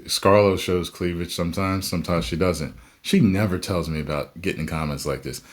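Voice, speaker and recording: Brief: male reaction host with a lowish voice, emphatic and ranting. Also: moderate pace. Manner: ranting, emphatic, laughs often. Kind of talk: reaction commentary.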